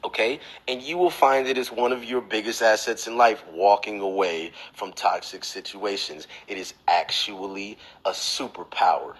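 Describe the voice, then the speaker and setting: A man on a livestream giving blunt, profane advice, lecturing the viewer and mocking others in a whiny high voice. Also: moderate pace, few pauses, a bit bright, slightly rough, low-quality recording. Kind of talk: instagram live rant. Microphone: phone.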